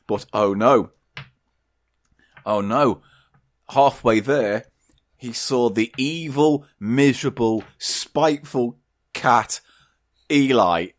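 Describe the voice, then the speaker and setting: A man's voice: mid-range voice, slow pace, pauses often. A man on a comedy podcast, improvising a daft children's story and bantering back defensively. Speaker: podcast co-host.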